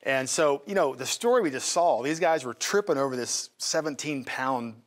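A man's voice: medium pitch, expressive, moderate pace. A man, a pastor co-hosting a TV talk show, teaching from the Bible in a folksy, emphatic way and turning to his wife with asides.

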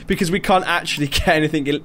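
A man chatting in a halting, rambling way while busy in a game with friends. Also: on the high side, steady tone, a bit bright, a little hiss or hum. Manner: rambling, halting, uses filler. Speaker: gaming video co-host. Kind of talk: casual gameplay chat.

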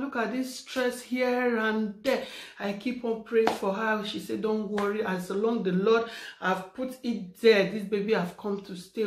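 A woman's voice: a little high, a little hiss or hum. A woman, talking fervently in a birthday vlog, repeating her phrases and praying aloud. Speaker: vlogger. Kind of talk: heartfelt birthday vlog with prayers. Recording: echoey room.

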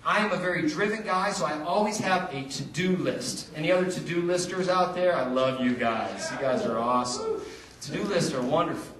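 A man preaching a sermon as pastor, telling a story with lively, animated delivery and acted-out dialogue. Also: fairly high pitch, normal speed. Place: church sanctuary. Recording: roomy, distant church recording.

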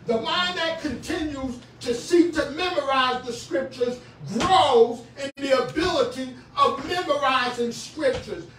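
A male preacher giving a sermon, moving from quiet talk to fervent shouting and often repeating words as he speaks. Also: on the high side, recorded from a distance, noisy background. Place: church sanctuary. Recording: very echoey church from afar.

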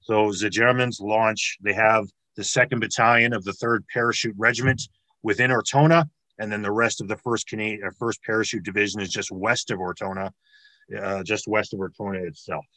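A man's voice: on the low side, steady tone, a little fast, pushed and bright, no room sound, rough recording. A man giving an online military history lecture over a video call, explaining step by step with fillers and restarts.

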